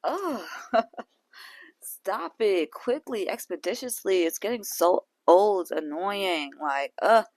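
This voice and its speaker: A woman's voice: medium pitch, animated, slow, darkish tone, dry recording. Sassy woman host doing a reality show recap, blunt and slangy, dry close sound. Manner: sassy and blunt, heavy on slang like "girl" and "sis". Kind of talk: casual recap commentary.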